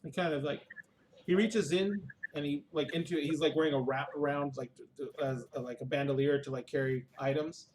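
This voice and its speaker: A man's voice: on the high side, steady tone, a little mellow. Guy dming a tabletop game, stops and restarts a lot, bit of faint noise behind. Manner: halting, hedging narration with many restarts. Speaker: dungeon master.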